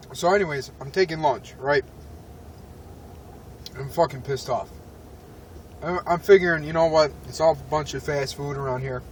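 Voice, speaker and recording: A man's voice: fairly high pitch, unhurried, long pauses, far from the mic, a little hiss or hum. A man telling a profane, rambling story in an irritated tone, talking from a parked car. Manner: irritated, swearing, rambling with restarts. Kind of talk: profane ranting story vlog.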